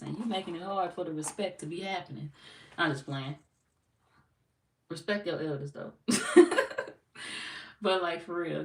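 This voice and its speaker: A young woman with a St. Louis accent and a gravelly, lowish voice chats loosely with her livestream viewers, joking and swearing as a tarot host. The recording sounds roomy and distant from the mic, with light noise.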